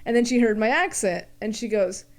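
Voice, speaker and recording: An American woman from Arizona with a somewhat high voice co-hosts a podcast. She tells stories in a chatty, filler-heavy way. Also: a little fast. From Arizona, United States. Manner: chatty storytelling with many fillers. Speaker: podcast co-host. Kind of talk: casual chat.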